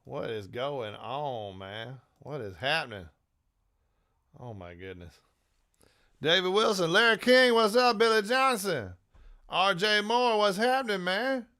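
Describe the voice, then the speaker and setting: A man hosting a live stream, shouting greetings to viewers by name and telling folksy stories in a relaxed drawl. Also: high-pitched, measured pace. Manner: folksy storytelling with drawled asides. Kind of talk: casual chat greeting viewers.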